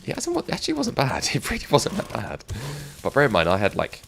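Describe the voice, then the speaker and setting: A man's voice: medium pitch, wildly swooping pitch, fast, creaky, background noise. A middle-aged man with an English accent, chatting casually with his live-stream audience while he plays a game, reminiscing and laughing often.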